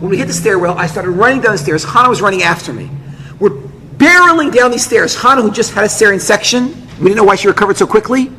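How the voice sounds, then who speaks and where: A man, a rabbi, telling a dramatic personal story with vivid acted dialogue and quick asides. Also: sits high, fairly bright tone, breathy edge. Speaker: rabbi, speaker. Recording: echoey hall with faint noise.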